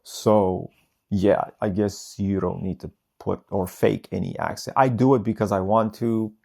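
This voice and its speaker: A man's voice: on the low side, steady tone, a little slow, creaky, darkish tone. A man who is not a native English speaker, talking casually to camera about his interpreting work, rambling with many hesitations. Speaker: phone interpreter.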